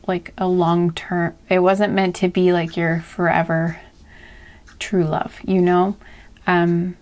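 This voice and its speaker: A woman giving a casual spoken tarot reading, soft and hesitant, with many fillers and restarts. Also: fairly low pitch, flat delivery, slow. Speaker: tarot reader.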